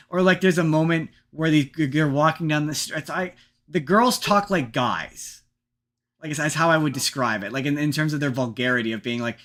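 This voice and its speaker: Bright, rambling male podcast host. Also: fairly high pitch, moderate pace. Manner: rambling, animated, restarts often, casual swearing. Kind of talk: casual chat.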